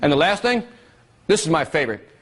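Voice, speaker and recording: An energetic man leads a live seminar, his voice swinging widely up and down as he fires questions at the room. It sits a little high for a man, and he rarely lets a point pass without checking the audience is with him. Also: fairly quick. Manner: energetic, keeps quizzing the audience. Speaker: workshop presenter.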